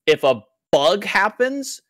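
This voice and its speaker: A man's voice: high-pitched, very animated, slow pace, fairly bright tone, no echo, studio quality. A man who works as an esports caster, explaining things in loose casual podcast talk with lots of filler words.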